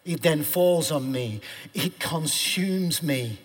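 A man preaching a sermon as pastor, swinging between loud emphatic declarations and hushed, earnest pleas. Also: on the high side, expressive, slow pace, breathy edge. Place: church sanctuary. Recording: long hall reverb with faint music.

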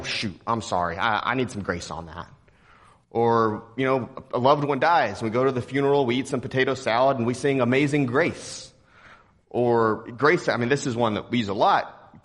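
A man's voice: mid-range voice, fairly bright tone. Joking conversational preacher man. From Texas. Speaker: pastor. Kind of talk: sermon.

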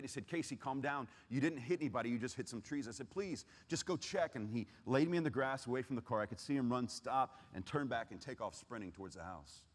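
A man telling his personal testimony earnestly, swinging between loud urgency and hushed, heavy pauses. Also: lowish voice. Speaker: speaker giving testimony. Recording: long reverb of a large hall.

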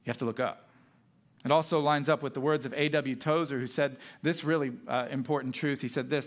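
A man's voice: medium pitch, fairly even intonation, a little fast. A young adult man, a pastor, preaching a sermon with earnest emphasis and reading scripture aloud.

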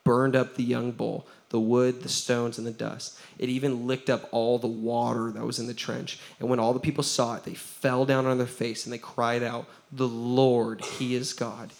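A man, a pastor giving a lively sermon, acting out the quotes he tells and laughing often. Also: medium pitch, moderate pace, gravelly, hardly any pauses.

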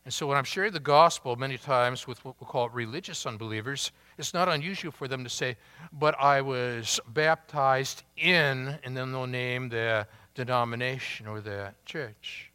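A man preaching a sermon, slow and emphatic, drawing out key words with long pauses. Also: medium pitch, bright, forceful tone, clean tone. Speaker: pastor.

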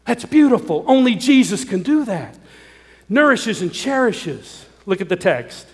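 A man's voice: high voice, big pitch swings, unhurried, in a large hall. A pastor preaching a sermon, earnest and pleading as he urges his listeners.

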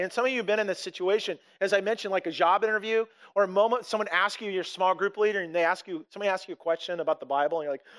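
High-voiced pastor preaching casually. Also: male voice, a bit bright. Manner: conversational, with frequent restarts and acted-out quotes. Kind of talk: sermon.

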